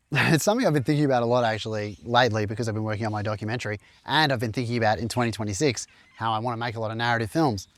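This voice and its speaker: An Australian man, a filmmaker and film teacher, talking casually to camera, thinking out loud and often correcting himself mid-sentence. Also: medium pitch, no room sound. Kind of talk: casual vlog talk.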